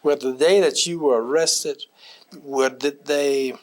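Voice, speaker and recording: A man's voice: mid-range voice, steady tone, slow. A man interviewing for an oral history, asking probing follow-up questions and giving brief acknowledgments.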